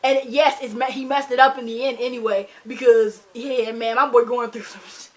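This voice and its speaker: A young woman from Michigan, a book vlogger, casually rambling through a book review with animated, dramatic plot retelling and lots of fillers, recorded on a camera mic. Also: fairly high pitch, moderate pace. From Michigan, USA.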